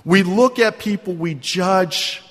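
A man's voice: high-pitched, slow. Male pastor, sermon, earnest and conversational, long hall reverb. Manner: conversational, earnest, asks the congregation questions.

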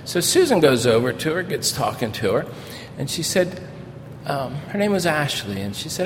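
An older man preaching as a pastor, telling personal stories in a folksy, storytelling way that grows animated in places. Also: normal speed. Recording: reverberant hall with faint rumble.

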